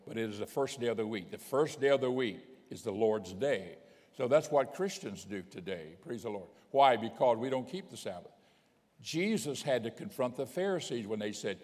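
A bishop with a lowish, slightly mellow voice preaches a sermon in a conversational way, reading scripture aloud and chuckling now and then. Long hall reverb surrounds the recording.

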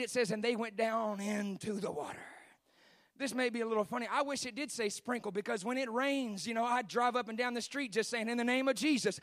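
A high-pitched male preacher tells a story from the pulpit in sermon style, animated throughout. He sinks low and quiet for the retelling, then climbs to shouted peaks, and the sound is close and dry with no echo.

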